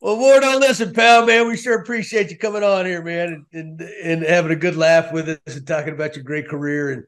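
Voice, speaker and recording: A sports show host talks easily with his guest, throwing in friendly "pal" and "man" asides. His voice is gravelly and a bit high for a man. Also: fairly even intonation, a little fast, fairly bright tone. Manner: chummy, jokey, calls guest pal and man. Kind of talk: casual interview chat.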